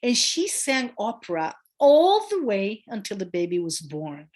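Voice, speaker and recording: A woman midwife, a guest in a conversational interview, telling a story with emphasis, acting out quoted voices and pausing on fillers. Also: medium pitch. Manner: animated storyteller who acts out quoted voices; warm and emphatic, with hesitant fillers.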